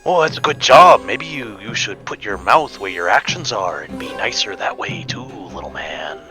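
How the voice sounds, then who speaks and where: A man's voice: on the low side, animated, normal speed, sharp tone, faint music behind. A man voicing a cocky human sled racer who talks down to his rival in a condescending, needling way. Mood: taunting. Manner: taunting, condescending.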